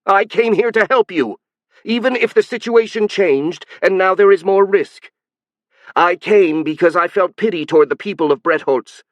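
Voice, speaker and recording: A man voicing a shrill alien hive queen. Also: moderate pace, dry recording, natural voice. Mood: heated. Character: alien insect hive queen, proud and stubborn. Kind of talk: audiobook narration.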